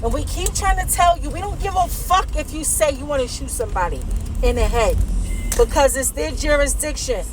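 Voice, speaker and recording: A woman's voice: high-pitched, expressive, a little fast, background noise. A woman delivery driver ranting to her phone camera from inside a car, heated and profane, tagging "okay?" onto her points. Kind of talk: casual rant to camera.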